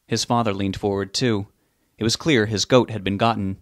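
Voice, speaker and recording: A man reads a novel aloud in a plain, steady storytelling manner. His voice sits low, and the recording is dry and close. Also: moderate pace, no echo. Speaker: narrator.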